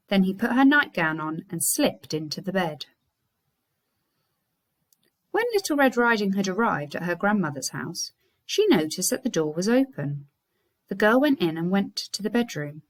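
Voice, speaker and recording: Animated woman reading a story to children. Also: fairly low pitch, measured pace, long pauses. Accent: English. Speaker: primary school teacher. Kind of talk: reading a story aloud to a class.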